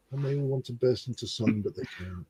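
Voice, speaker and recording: A man's voice: medium pitch, moderate pace, dark tone, slightly rough, no room sound. A man co-hosting a casual stream, making wry asides and reading viewer comments. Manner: wry asides, reads chat. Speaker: podcast co-host. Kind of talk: casual chat.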